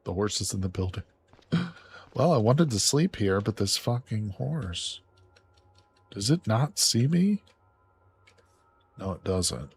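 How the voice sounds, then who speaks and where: A man streaming a survival game live, reacting excitedly with swearing and laughter as he plays. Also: fairly low pitch, slow pace, pauses often, slightly rough. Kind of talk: live gameplay commentary.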